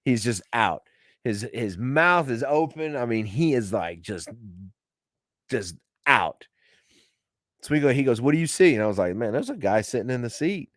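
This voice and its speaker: A man's voice: mid-range voice, animated, a little slow, no room sound, clean studio sound. A man telling stories in casual, rambling, profane talk to a live audience, laughing as he goes. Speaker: podcast host.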